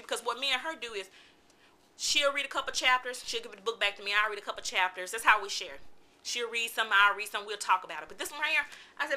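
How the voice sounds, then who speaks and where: A chatty woman in her thirties with a very bright, forceful voice pitched a little high. She reviews a book in a casual vlog, talking animatedly and venting with exclamations. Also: lively intonation, fast talker.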